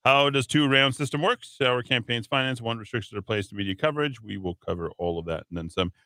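Talk radio host, male: punchy bright tone, dry studio mic, rambling headline rundown. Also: mid-range voice, fast talker, dry recording. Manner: rambling, reads headlines then riffs with filler words. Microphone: studio microphone.

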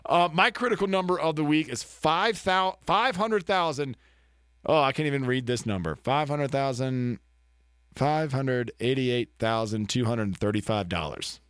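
A man's voice: mid-range voice, a little slow, fairly bright tone, smooth, dry recording, clean studio sound. A man, co-hosting a casual sports talk show, joking and trash-talking. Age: 30s. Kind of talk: casual chat.

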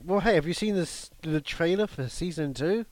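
A man bantering on a comedy podcast, jokey and quick to break into silly voices. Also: a little high, no room sound. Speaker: podcast co-host.

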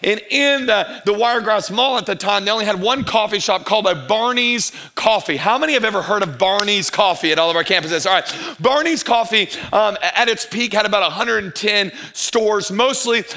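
A middle-aged man preaching to a church crowd, his voice pitched high for a man and bright. He tells a story with humor and acts out the dialogue in it. For emphasis he slows his delivery. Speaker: pastor. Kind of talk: sermon with storytelling.

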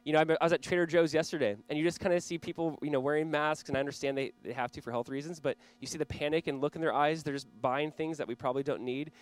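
A man's voice: a little high, steady tone, fast talker, few pauses. A man in his thirties preaching a sermon as pastor, conversational and earnest, with small laughs and restarts.

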